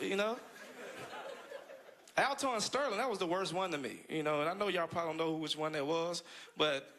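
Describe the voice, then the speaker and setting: A man from the United States doing a stand-up set, animated, jumping into high-pitched act-outs and laughing through his lines. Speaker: stand-up comedian. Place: comedy club stage with live audience. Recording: loud crowd laughter in club.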